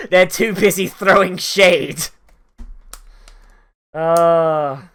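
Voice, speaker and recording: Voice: mid-range voice, animated, measured pace, fairly bright tone. An anime reaction host giving casual watch-along commentary, rambling with lots of "like" fillers. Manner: rambling, filler-heavy "like" talk with laughs.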